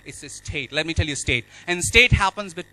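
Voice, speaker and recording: A man's voice: a little high, lively intonation, fairly quick, bright, forceful tone, rough recording. A man giving a motivational speech, emphatic and repeating key phrases. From India. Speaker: speaker at an awards event.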